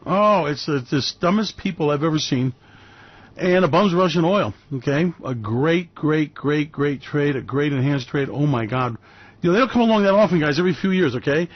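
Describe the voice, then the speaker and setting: A brash male radio host rants through his market commentary with a fairly high voice and a sarcastic edge. The sound is dry and a little dull, like a lo-fi studio feed. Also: no room sound. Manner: loud, sarcastic, mocking put-on voices. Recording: dry, slightly dull lo-fi recording.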